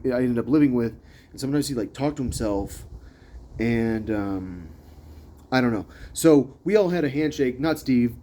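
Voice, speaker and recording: A young man rambles through a personal story in a mellow, dark-toned voice, stumbling over restarts and fillers. He gets louder and climbs in pitch when he gets worked up. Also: slight background noise. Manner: hesitant, full of likes and ums, restarts; grows louder and higher when agitated.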